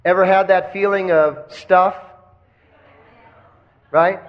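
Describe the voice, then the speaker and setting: A man's voice: sits high, fairly even intonation, takes it slowly. A man teaching kundalini yoga in a live lecture, asking the class questions and having them repeat phrases back. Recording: dull lo-fi recording.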